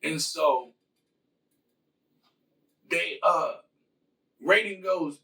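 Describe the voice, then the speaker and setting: Slow, gravelly man retelling a movie. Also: a little high, bright, forceful tone, recorded from a distance, low-quality recording. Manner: loose, profane, rambling. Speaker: host.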